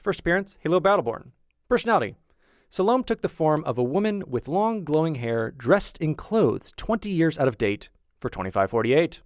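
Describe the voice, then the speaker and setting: A man's voice: on the high side, sing-song, moderate pace, no echo, clean studio sound. A man co-hosting a casual gaming podcast, chatty and enthusiastic, with many restarts. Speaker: podcast co-host.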